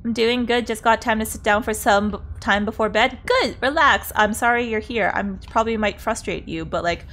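Chatty woman streamer, slightly high voice. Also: moderate pace, a bit bright. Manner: chatty, greets chat and exclaims at the game; laughs often. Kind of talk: casual game livestream chat.

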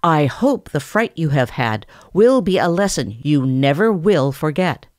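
A woman's voice: low-pitched, animated, measured pace, a little mellow, dry recording, studio quality. A stern, scolding mother bear, as a woman puts her on. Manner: firm, scolding.

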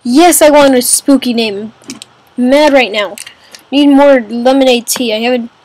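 A woman's voice: sits high, a little slow, darkish tone, a little hiss or hum, rough recording. A woman giving casual let's-play commentary on a kingdom game, chatty and exclaiming, calling everyone man and dude. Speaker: gamer playing a kingdom game.

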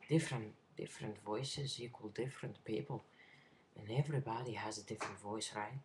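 A man's voice: lowish voice, steady tone, brisk, noisy background. A young man vlogging casually, rambling and hesitant with many fillers. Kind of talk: casual vlog.

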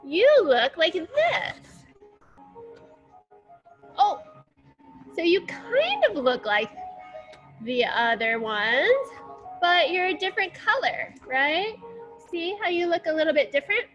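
Very high-voiced woman teaching small children. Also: big pitch swings, slow, pauses often, fairly bright tone, lo-fi sound. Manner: coaxing, playful storytelling with movement cues. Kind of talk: story-led movement class. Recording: echoey room with faint music.

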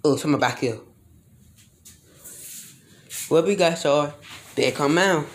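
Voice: mid-range voice, unhurried. A speaker improvising a plush toy role-play in a rambling, mumbly way, full of slang and filler sounds.

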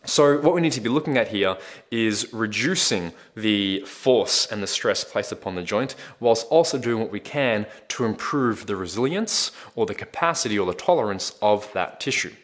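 A man's voice: on the low side, expressive, moderate pace, a bit bright. A man, a fitness coach, answering viewer questions in a casual, explanatory way, with frequent ums and repeated words.

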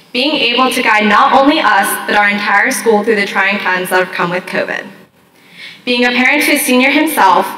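A woman's voice: medium pitch, bright, forceful tone. A young woman in her late teens, the class treasurer, politely reading a formal introduction at a graduation. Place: large graduation ceremony. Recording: roomy, distant, faint ambience.

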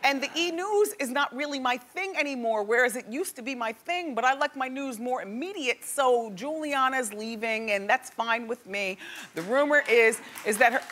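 A woman hosting a talk show, chatting and gossiping to a live studio audience with lively exclamations. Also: high voice, moderate pace, hardly any pauses.

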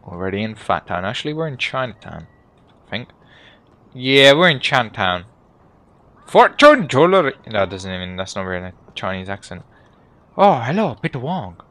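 A gaming YouTuber gives casual, joking commentary while he plays, swearing and laughing at himself. His voice is low, brisk and sharp.

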